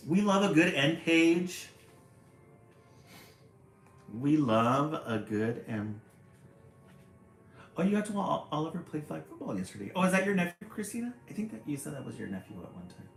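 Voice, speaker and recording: A man's voice: on the high side, sing-song, normal speed, pauses often, soft background music. A man reading a picture book aloud on a live stream, chatty and greeting viewers between pages. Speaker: livestream storybook reader. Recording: echoey room.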